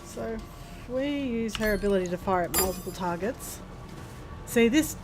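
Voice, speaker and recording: A woman's voice: medium pitch, expressive, normal speed, over music. A woman streaming a video game, thinking aloud casually and explaining its mechanics as she plays. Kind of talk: casual gameplay commentary.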